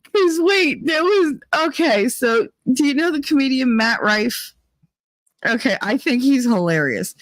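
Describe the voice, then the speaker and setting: A woman hosting a casual live chat, reading viewer comments aloud and laughing often as she tells animated stories. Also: fairly high pitch, no echo. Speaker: host.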